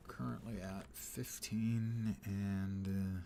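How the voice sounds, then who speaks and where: A man's voice: on the low side, level tone, slow, vocal fry, dark tone, slight background noise. A man giving casual gameplay commentary as a streamer, playful and rambling, often dropping into muttered, half-whispered asides. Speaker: game streamer.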